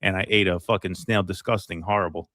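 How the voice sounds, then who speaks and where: A man's voice: sits low, steady tone, a little fast, sharp tone, no room sound, studio quality. A man co-hosting a casual chat, blunt and swearing, often restarting his sentences. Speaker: podcast co-host.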